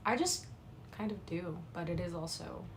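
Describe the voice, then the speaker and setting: A woman reading a classic novel aloud from a home streaming setup, in a slightly low voice with a faint hum of room noise behind her. She reads at a quick pace and drops into soft, apologetic chat with her viewers between passages. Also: expressive, poor audio. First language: English. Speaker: livestream reader.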